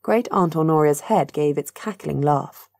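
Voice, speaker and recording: A woman narrating a fantasy audiobook in an even, measured way. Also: low voice, gravelly, no echo, clean studio sound. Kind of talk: scripted narration.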